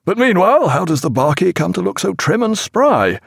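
A man's voice: sits high, very animated, moderate pace, vocal fry, husky, no echo, pitched above the performer's own voice, exaggerated voice. A worn-out naval captain, hurt but still in command, asks and orders in a raised, strained voice, as a male audiobook reader puts him on. The delivery is dry and close, with no room around it. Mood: resolute. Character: weary wounded naval captain, man, commanding.

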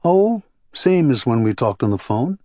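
A man voicing a tired, gentle middle-aged woman in an audiobook, soft and reassuring, with a husky voice. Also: medium pitch, very animated, a little slow, dry recording, clean studio sound, pitched above the performer's own voice. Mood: tender. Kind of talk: audiobook character reading.

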